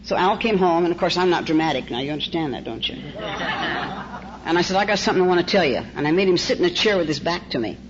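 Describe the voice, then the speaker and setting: A woman's voice: on the low side, animated, fast talker. A woman in her sixties from California giving a personal recovery testimony to an audience, wry and self-mocking, acting out the dialogue as she tells it. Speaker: recovery meeting speaker. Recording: muffled old cassette tape with faint hiss.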